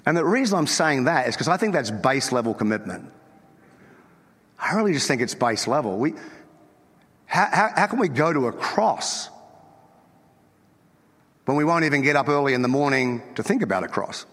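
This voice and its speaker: A man's voice: mid-range voice, very animated, moderate pace, long pauses, fairly bright tone. A male pastor preaching a sermon in a church, emphatic and teasing, often repeating his words as he starts a thought. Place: church auditorium. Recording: long reverb from a large hall.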